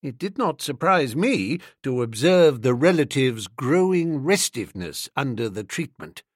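A man narrating a comic novel in the first person, wry, expressive, and playful. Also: mid-range voice, measured pace, hardly any pauses, no room sound, studio quality. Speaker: audiobook narrator.

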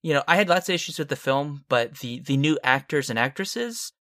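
A film podcast co-host with a slightly high, animated voice talks fairly quickly, his tone pushed and bright. He rambles casually, offering frank opinions punctuated by short laughs, recorded as clean studio sound with no echo.

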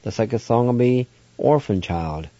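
A man's voice: mid-range voice, animated, moderate pace, warm tone, dry recording, lo-fi sound. A man hosting a radio language lesson, spelling each word out letter by letter and then sounding it out syllable by syllable. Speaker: radio host teaching vocabulary.

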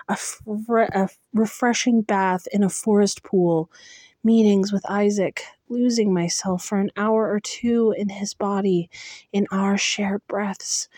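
Woman reading a fantasy audiobook slow and low-key, dry close recording. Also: dry recording. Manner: slow, measured, hushed at tense moments. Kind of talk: audiobook narration.

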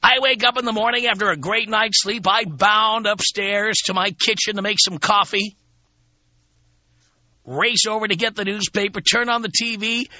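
A man's voice: sits high, fairly even intonation, moderate pace, pushed and bright, no room sound, dull audio. A man hosting a radio talk show, talking to listeners in a sardonic, profane, self-mocking monologue from a studio. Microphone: studio microphone.

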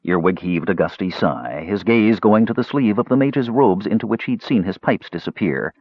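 A man narrating a fantasy story in an expressive, lively reading. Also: on the low side, normal speed, few pauses, dry recording. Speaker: audiobook narrator. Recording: dull lo-fi dry recording.

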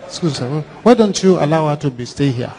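A man acting a panicked young husband who shouts and pleads in terror. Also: on the high side, animated, fast talker, background noise, pitched below the performer's own voice. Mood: pleading. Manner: frantic, pleading. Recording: echoey hall reverb.

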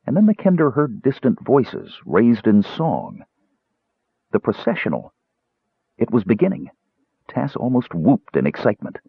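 A man's voice: medium pitch, very animated, a little slow, vocal fry, long pauses, slightly rough, no echo. A man narrating a fantasy audiobook in a dramatic storytelling manner. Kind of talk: scripted narration. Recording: tinny phone-like dry sound.

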